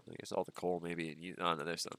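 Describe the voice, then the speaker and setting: Deep-voiced man, stuffy, casual streamer. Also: fast, creaky. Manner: relaxed, rambling, frequent ums and uhs. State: stuffy nose. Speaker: gaming streamer. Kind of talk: casual livestream commentary while playing.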